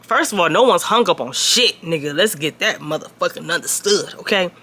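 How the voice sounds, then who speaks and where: Animated, blunt woman telling a story. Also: lowish voice, brisk. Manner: blunt, profane, talks straight to viewers; animated, swings loud and soft. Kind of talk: casual storytime vlog.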